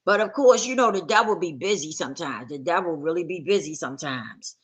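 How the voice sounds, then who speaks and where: A woman's voice: on the low side, animated, a little fast, husky. A woman sharing her personal testimony in candid, conversational storytelling, acting out the voices of people she quotes. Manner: conversational, acts out quoted dialogue.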